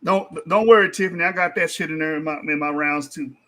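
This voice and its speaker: A man with a high, bright voice trash-talks through a heated online debate. He boasts, swears freely and mocks his opponents, laughing between points. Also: fast. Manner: boastful, profane, mocking with frequent laughter.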